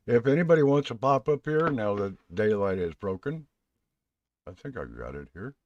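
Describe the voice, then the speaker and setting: A man's voice: lowish voice, very animated, moderate pace, darkish tone, lo-fi sound, slight background noise. A man hosting a live stream, talking in a rambling, folksy, chatty way. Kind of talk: casual live stream chat.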